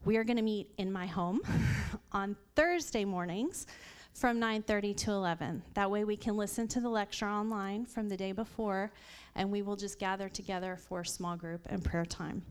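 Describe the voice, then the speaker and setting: A woman in her thirties, a church member, shares an earnest personal testimony at a women's Bible study. Her medium-pitched voice moves at a normal speed and sounds smooth, and she tells her story warmly, with light laughs along the way.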